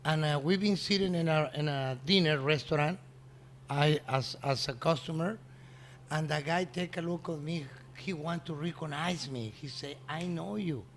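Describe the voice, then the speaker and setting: Man, Spanish speaker, fairly high voice, halting English, storytelling guest, faint noise behind. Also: fairly bright tone. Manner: halting, non-native English with frequent restarts, acts out the dialogue he quotes. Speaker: restaurant owner, interview guest. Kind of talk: anecdotal storytelling in an interview.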